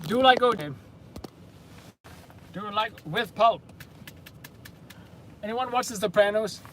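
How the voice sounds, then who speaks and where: A man's voice: sits high, slow pace, a bit bright, slight background noise. A man hosting a live news stream, chatting casually and off-the-cuff with viewers.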